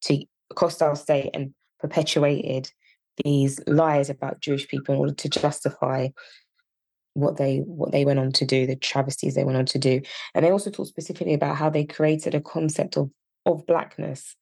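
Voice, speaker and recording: A woman's voice: deep voice, normal speed, vocal fry, husky, dry recording. A woman with a Yorkshire accent co-hosting a podcast, talking earnestly and at length. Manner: earnest, discursive, animated when riled. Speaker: podcast co-host. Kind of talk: casual chat.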